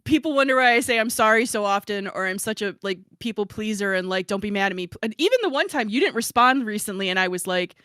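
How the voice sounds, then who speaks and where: A woman's voice: medium pitch, animated, fast, few pauses, fairly bright tone, clear, resonant tone, no room sound. Giggly, chatty woman podcast host. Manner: chatty, giggly, self-deprecating, lots of fillers. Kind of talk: casual chat.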